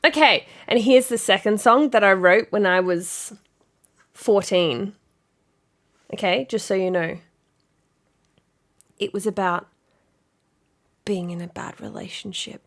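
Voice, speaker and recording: A woman's voice: medium pitch, takes it slowly, long pauses, fairly bright tone. A woman streamer joking and chatting casually with her viewers. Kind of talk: casual live-stream chat.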